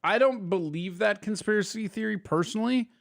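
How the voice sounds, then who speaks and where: A man's voice: high voice, fairly quick, creaky, no room sound, studio quality. A man commentating on a livestream he is watching, mocking it with frequent laughs and a put-on customer voice. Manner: mocking, laughs often, does a nerdy customer voice. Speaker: stream commentator.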